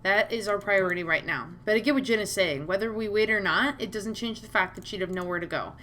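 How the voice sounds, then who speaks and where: Woman streamer reading out a dating game, bright voice, bit of hiss behind. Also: medium pitch, quick pace. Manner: excitable, gushing asides between read lines. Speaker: let's-play streamer voicing all characters. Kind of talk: reading game dialogue aloud with commentary.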